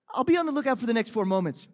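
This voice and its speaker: A man reading a wisecracking, crude antihero mercenary in a live comedic table read at a convention panel. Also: extremely high pitch. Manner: crude, sarcastic, swearing. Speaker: voice actor reading Deadpool.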